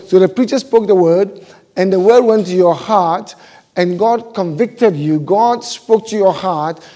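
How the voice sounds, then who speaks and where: High-voiced, mellow male preacher. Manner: preaching with rhetorical questions to the congregation. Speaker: pastor. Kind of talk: sermon.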